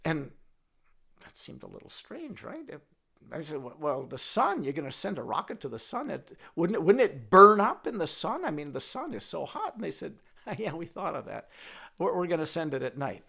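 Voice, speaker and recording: A man telling a folk tale in a lively, halting way, often restarting his sentences and turning aside to speak to his donkey. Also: fairly high pitch, creaky, husky. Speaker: storyteller. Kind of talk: told folk tale with a puppet.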